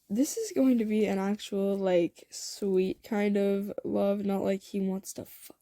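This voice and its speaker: A young woman narrating a fan-made story in a casual, rambling way, full of fillers and asides and quick giggles. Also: mid-range voice, warm tone, dry recording. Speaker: fan audio story creator.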